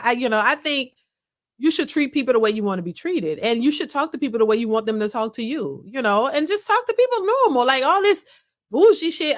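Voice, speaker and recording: Opinionated woman host, lively pitch. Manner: blunt, opinionated, repeats herself. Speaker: reaction channel host. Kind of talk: casual commentary on a clip.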